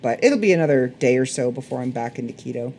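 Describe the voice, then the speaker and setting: A woman with a Canadian accent, a little hoarse, rambling through a casual solo podcast chat. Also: very deep voice, lively intonation, fast, mellow, slight background noise. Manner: rambling, chatty, self-correcting. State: slightly hoarse. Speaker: podcast host.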